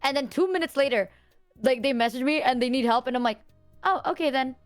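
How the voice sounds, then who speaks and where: Faint music plays behind a woman streamer whose voice sits high and moves briskly. Chatting casually, she explains herself in an earnest, rambling way, with plenty of fillers and self-quotation.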